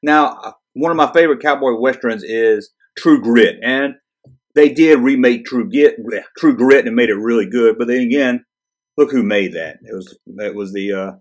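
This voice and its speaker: A channel host is mid-rant, his voice at an ordinary pitch and his pace moderate. Sarcastic and fed up, he reacts to each item with exasperation and plenty of swearing in this casual commentary.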